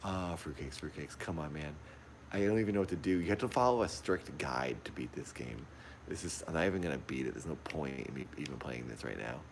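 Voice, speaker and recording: A man with an extremely low, gravelly voice chatters through a horror game he is streaming from a dark room at home. He frightens easily and keeps repeating his exclamations. He is recorded on a phone, with a faint hiss underneath. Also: brisk. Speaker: livestreamer playing a horror game. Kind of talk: live gameplay commentary. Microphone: phone pointed at the TV.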